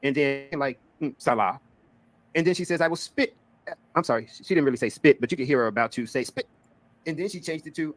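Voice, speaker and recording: A man's voice: fairly high pitch, quick pace, no echo. A man hosting drama commentary, replaying clips and explaining with sarcasm. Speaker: commentary streamer.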